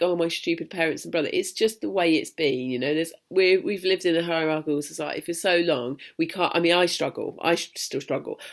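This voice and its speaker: Young woman vlogging to camera, rambly and blunt, swears a lot, trips over her words. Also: on the low side. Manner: rambling, frank, swears freely, restarts often. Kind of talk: candid personal vlog monologue.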